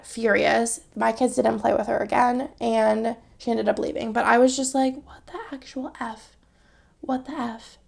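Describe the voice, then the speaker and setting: A woman's voice: fairly high pitch, creaky. A woman in her thirties, telling a story in rambling casual vlog chat with many fillers. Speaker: planner vlogger.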